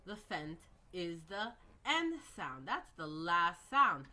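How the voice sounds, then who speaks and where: A woman teaching early reading skills, slowly modelling words and sounds with patient explanations. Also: lowish voice, big pitch swings, heavy background noise. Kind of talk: instructional lecture.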